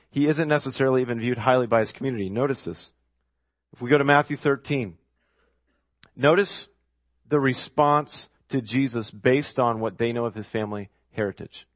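A man's voice: mid-range voice, no room sound. Emphatic male preacher, dry close sound. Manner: emphatic, repeats key phrases for effect. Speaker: pastor. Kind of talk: sermon.

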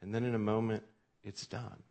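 A man's voice: lowish voice, flat delivery, normal speed, vocal fry, dark tone. A male pastor preaching a sermon in a conversational way, with frequent fillers and restarts, reading scripture aloud with extra emphasis.

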